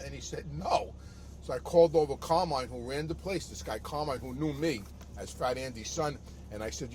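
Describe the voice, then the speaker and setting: An older man telling a casual anecdote, acting out quotes in an animated way. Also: a little high, fairly quick, a little hiss or hum. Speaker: storyteller guest. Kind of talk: casual storytelling.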